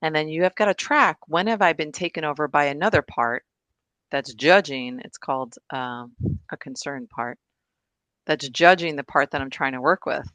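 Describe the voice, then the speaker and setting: A woman's voice: low-pitched, fairly bright tone, no room sound. A woman presenting and discussing on a video call, chatty and enthusiastic, laughing often. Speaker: guest presenter.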